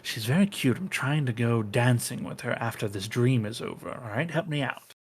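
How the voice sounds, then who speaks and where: A man doing a quiet, flirty wingman plea. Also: medium pitch, animated, moderate pace, slightly rough. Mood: conspiratorial. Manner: quiet, out of the side of his mouth.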